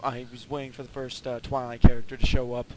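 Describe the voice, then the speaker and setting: A man's voice: medium pitch, level tone, fast, rough recording. A man co-hosting a podcast in casual chat, giving listeners instructions with a dry joking manner. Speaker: podcast co-host. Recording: loud background noise and clicks.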